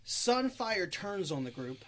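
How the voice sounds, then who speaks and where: A man co-hosting a casual podcast, talking about movies in an animated, opinionated way and swearing freely. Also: high voice, slow. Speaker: podcast co-host.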